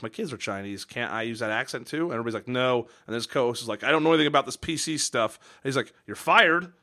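Young male podcast co-host; quick, bright, animated storyteller. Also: mid-range voice. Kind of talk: casual chat.

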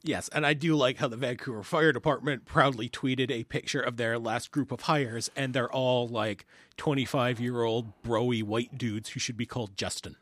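Male podcast co-host; deadpan sarcastic asides, dry close recording. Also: mid-range voice, moderate pace, no room sound. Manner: dry, sardonic quips. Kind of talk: casual chat.

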